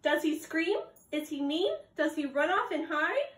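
Young woman preschool teacher, slow patient delivery, roomy echo. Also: high-pitched, animated, a bit bright, a little hiss or hum. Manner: slow, sing-song, exaggerated gasps and prompts to children. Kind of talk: circle time read-aloud and lesson for young children. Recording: echoey room.

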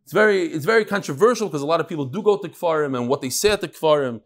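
Lively, slightly high male Talmud teacher. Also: rapid-fire. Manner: animated, thinks aloud and asks the room questions. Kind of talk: daily Talmud class before a live audience.

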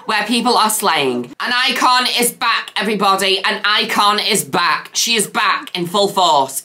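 A woman hosting a gaming video, theatrical and camp, full of playful catchphrases. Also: sharp tone. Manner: swoops between high squeals and low drawls. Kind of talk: casual gameplay commentary.

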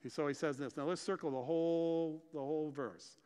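A man preaching a sermon, explaining scripture and telling stories with lively, acted-out dialogue. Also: fairly high pitch, fairly quick, clear, resonant tone. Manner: animated storytelling, acts out dialogue. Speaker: pastor. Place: church sanctuary. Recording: church hall reverb.

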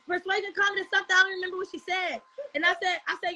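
High bright-voiced woman ranting on a livestream. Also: quick pace. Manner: profane, repetitive, defensive. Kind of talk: heated livestream rant.

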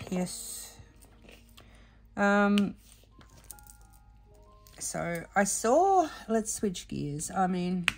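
Slow-talking woman crafting and chatting. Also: fairly low pitch. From Australia. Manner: rambling, full of fillers and restarts; emotional, admits exhaustion. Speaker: diamond painting vlogger. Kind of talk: casual chat while crafting. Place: home craft room.

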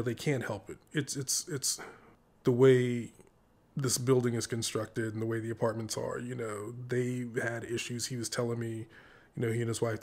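A man vlogging, casually recounting a story with many "you know" fillers and lively, animated quoted dialogue. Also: medium pitch. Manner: conversational, heavy "you know" fillers, animated when quoting others.

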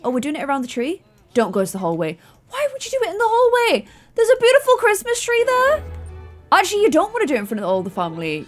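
A young woman talks over her life-sim gameplay, her voice bright and high-pitched. She swings up and down a lot as she reacts, gasping and exclaiming as things happen on screen. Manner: bubbly, gasping and exclaiming often. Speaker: gaming YouTuber. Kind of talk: Sims gameplay commentary.

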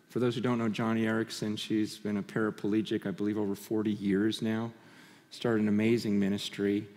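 A man preaching a conference sermon, impassioned and swinging between loud and hushed, often stammering and restarting phrases. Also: fairly low pitch. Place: conference hall. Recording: long reverb of a large hall.

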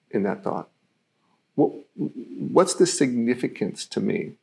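Guy with a gravelly voice doing a live teaching stream, thoughtful, lots of ums. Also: medium pitch, sing-song, takes it slowly, warm tone. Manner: reflective, explains through everyday examples with frequent fillers. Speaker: self-mastery teacher.

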